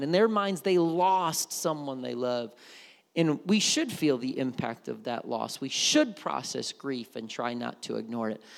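A man's voice: on the high side, creaky, long reverb tail. A man preaching a sermon as a pastor, conversational, with frequent restarts and repeated words.

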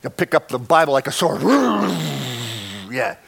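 A man preaching a sermon, dropping to a hush and then rising to loud, impassioned lines. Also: on the high side, quick pace. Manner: swings from hushed to shouting, acts out prayers. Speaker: pastor.

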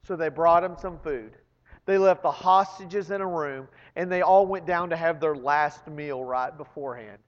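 High-voiced man preaching in a reverberant hall. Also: moderate pace. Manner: storytelling, building to loud emphatic peaks. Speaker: pastor. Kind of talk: sermon. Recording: long reverb, dull lo-fi sound.

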